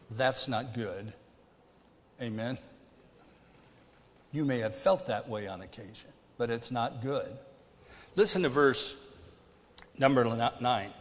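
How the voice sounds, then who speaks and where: A man preaching a sermon as pastor, emphatic and deliberate, his delivery swinging between hushed and loud. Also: medium pitch. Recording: long hall reverb.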